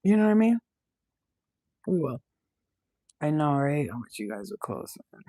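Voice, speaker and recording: A woman's voice: low-pitched, big pitch swings, moderate pace, warm tone, dry recording. A woman, a spiritual reader, talking casually and bluntly to her viewers, swearing freely. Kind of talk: casual direct-to-camera chat.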